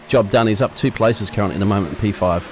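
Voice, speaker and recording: Casting: male color commentator, very quick delivery, casual explanations, faint noise in the background. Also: fairly low pitch. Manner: rapid, chatty analysis with fillers. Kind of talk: sim racing commentary.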